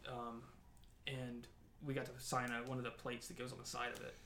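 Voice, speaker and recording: A young man from California's Central Valley rambles through travel stories in casual chat, stumbling over restarts and laughing as he goes. His voice is gravelly and bright. The echoey room carries a faint hiss. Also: mid-range voice, monotone, brisk. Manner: rambling storyteller, many restarts, laughs often.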